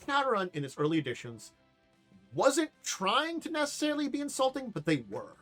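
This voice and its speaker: A man's voice: very high-pitched, wildly swooping pitch, brisk, a bit bright, soft background music. A man hosting a casual tabletop podcast, rambling and self-deprecating, laughing at his own jokes. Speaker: podcast host. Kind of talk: casual chat.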